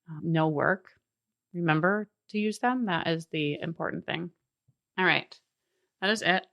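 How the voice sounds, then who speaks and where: A woman's voice: low voice, fairly bright tone, no echo, studio quality. A woman in her thirties hosting a solo coaching podcast, earnest and encouraging, often laughing as she talks. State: briefly emotional.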